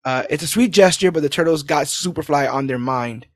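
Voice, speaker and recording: A man recapping a movie in casual podcast chat, animated and laughing as he acts out lines. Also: fairly high pitch, brisk, no room sound, clean studio sound. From New York City. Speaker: podcast co-host.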